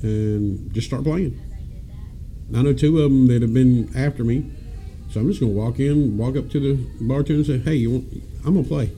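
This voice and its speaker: A man's voice: medium pitch, normal speed, warm tone. Rowdy laughing man storyteller. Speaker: podcast co-host. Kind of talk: casual storytelling chat.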